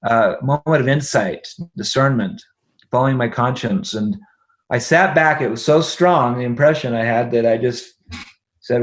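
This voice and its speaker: A middle-aged man speaking as an interview guest, with a voice sitting at an ordinary male pitch. He tells a family story with plenty of energy, laughing as he goes and asking "right?" to keep his listener with him. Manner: animated, laughing, checks in with "right?".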